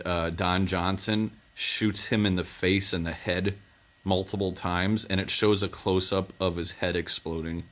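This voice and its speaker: Man, very low voice, casual movie review, rambling, filler-heavy. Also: fairly bright tone. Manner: rambling plot retelling with many fillers.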